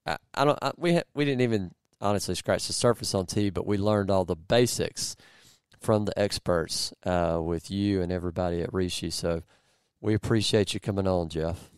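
Podcast host guy, really low and smooth, laid-back upbeat chat. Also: moderate pace, no echo, studio quality. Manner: relaxed, upbeat, with fillers and restarts.

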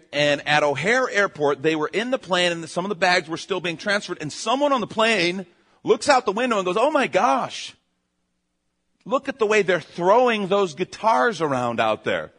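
A man preaching a conversational sermon. He tells stories in an animated way, restarts his phrases and keeps checking in with his listeners. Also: a little high. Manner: self-interrupting, restarts phrases. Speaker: pastor.

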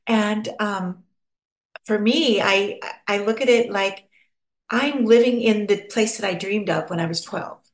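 Speaking at a measured pace in a mid-range voice, this Pennsylvania-born American guest is chatty and expressive during a relaxed podcast interview. She performs small quoted voices as she talks, and the room adds a noticeable echo.

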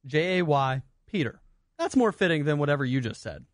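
A man co-hosting a radio show in a brisk, playful way. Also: a little high, big pitch swings, no echo, studio quality. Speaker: radio co-host. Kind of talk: casual studio banter. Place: radio studio.

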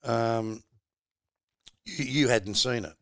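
A man's voice: medium pitch, takes it slowly, a bit bright, no room sound, clean studio sound. A middle-aged Australian man hosting a podcast, chatting in a laid-back, rambling way and calling his co-host mate. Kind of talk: casual chat.

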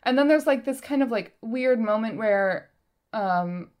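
A woman co-hosts a casual podcast, speaking in a slightly raised voice. She talks haltingly, filling gaps with lots of "um" and "like". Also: a little high, lively intonation, darkish tone. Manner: hesitant, many fillers like "um" and "like". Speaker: podcast co-host.

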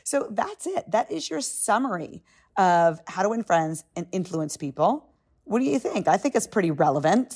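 Chatty woman with a low voice. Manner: chatty and emphatic, animated asides. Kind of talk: casual book summary talk.

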